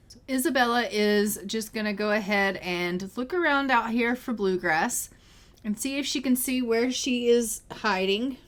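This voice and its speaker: Woman narrating a life-sim game. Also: mid-range voice. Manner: chatty, easygoing play-by-play. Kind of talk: storytelling gameplay commentary.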